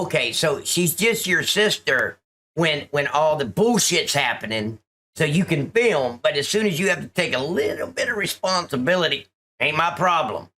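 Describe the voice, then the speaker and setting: A middle-aged man delivers indignant, profane commentary on a police video. His voice is bright and quite high for a man, with a lively, swinging pitch. He is sarcastic throughout. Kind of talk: reaction commentary.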